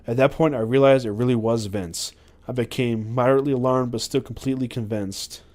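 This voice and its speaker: A man's voice: mid-range voice, fairly even intonation, brisk, darkish tone. Man reading a memoir aloud, stumbling. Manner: reads with frequent stumbles and self-corrections. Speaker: podcast host.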